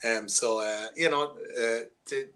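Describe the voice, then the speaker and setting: Irish guy musician chatting on a video call, bright ringing voice, rambles n restarts a lot. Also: medium pitch, unhurried. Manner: rambling, with many restarts and fillers. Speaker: musician guest. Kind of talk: casual interview chat.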